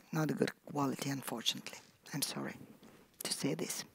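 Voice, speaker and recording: A Russian-born woman speaking English with a Russian accent as a guest at a live public talk, pausing often to search for words. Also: rumbling low, gravelly, noisy background. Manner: halting, searching for words with many fillers. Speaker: panel guest, media executive.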